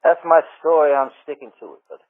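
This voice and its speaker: A man leaving a long voicemail for a radio show, telling a rambling story with drawn-out pauses and often calling the host sir. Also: on the high side, fairly even intonation. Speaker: voicemail caller. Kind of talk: rambling anecdote. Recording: tinny phone-line voicemail.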